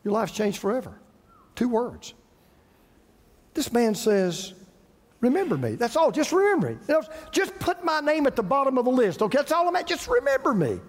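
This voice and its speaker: A male pastor delivers his sermon in a high, expressive voice, repeating key phrases and letting dramatic pauses land. His voice rings out with the long reverb of a large hall. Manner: preaching with dramatic pauses and repetition.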